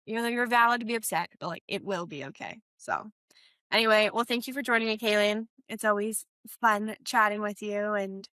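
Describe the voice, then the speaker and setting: Bright chatty woman podcast host. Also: mid-range voice, moderate pace, clear, resonant tone, no echo. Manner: chatty, many fillers like "um" and "like". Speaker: podcast host, wedding planner. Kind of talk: casual podcast chat.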